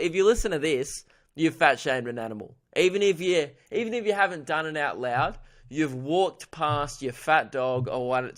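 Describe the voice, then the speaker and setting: A man's voice: fairly high pitch, a bit bright. A man with an Australian accent hosting his own comedy podcast, rambling irreverently and laughing at his own jokes. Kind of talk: solo comedy podcast monologue.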